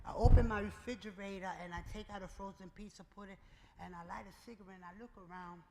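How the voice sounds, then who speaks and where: A man giving a keynote speech, telling his own story in a lively way and acting out the dialogue. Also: high voice, quick pace. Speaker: keynote speaker. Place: event hall before a live audience. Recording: reverberant hall with clear noise.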